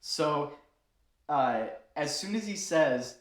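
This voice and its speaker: A man's voice: a little high, expressive, slow. A man casually telling a bartending story to his viewers, chatty, laughing often, with many fillers. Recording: roomy echo.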